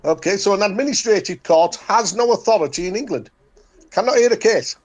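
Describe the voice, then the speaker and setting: Emphatic high-voiced Yorkshire man. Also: brisk, dull audio. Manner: emphatic, repetitive, declaring. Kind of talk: casual chat.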